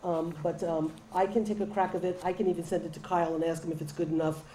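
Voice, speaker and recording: A woman's voice: fairly low pitch, steady tone, fast, noisy background. A woman chairing a public town meeting, firmly keeping the discussion in order. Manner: firm, calls the room to order. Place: municipal meeting room.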